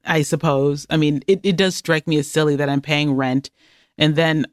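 A woman chatting as a podcast guest, animated and jokey, with quick asides. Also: low-pitched, dry recording, studio quality. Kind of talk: casual conversation.

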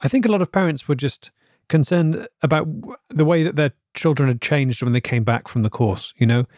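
A man's voice: a little high, fairly quick, darkish tone, no echo, clean studio sound, natural voice. A man playing a hesitant, polite interviewer in a scripted comedy podcast, probing with careful questions. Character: earnest male radio-style interviewer. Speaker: interviewer, presenter.

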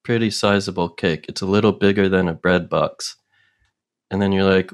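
A man co-hosting a comedy podcast over a video call, making dry, low-key quips. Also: fairly even intonation, normal speed. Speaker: podcast co-host.

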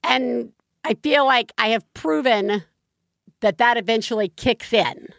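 Animated, gravelly woman telling a story. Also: unhurried, no echo, studio quality. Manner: animated storytelling, voice jumps high when exasperated. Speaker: podcast co-host. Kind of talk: casual chat.

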